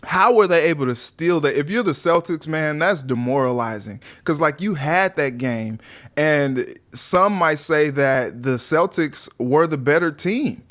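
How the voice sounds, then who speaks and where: A man's voice: fairly high pitch, measured pace. A young man co-hosting a sports talk show, chatting casually and animatedly, often acting out what players might say. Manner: animated, acts out players' voices in quotes.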